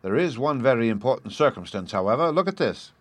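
A man's voice: medium pitch, lively intonation, fast, no echo, close to an everyday voice. A man voicing a keen young police inspector who reports details in a polite, businesslike way, in an audiobook reading.

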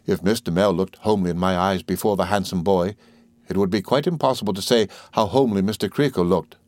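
A man reading a classic novel aloud as narrator, in a measured storytelling manner. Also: low voice, a little mellow, no room sound. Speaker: audiobook reader. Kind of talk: scripted narration.

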